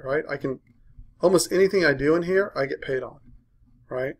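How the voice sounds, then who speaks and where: A man with a voice on the high side coaches a live trading room, talking a little fast. He walks through a chart aloud in short, punchy phrases, checking in with "right?" after every point.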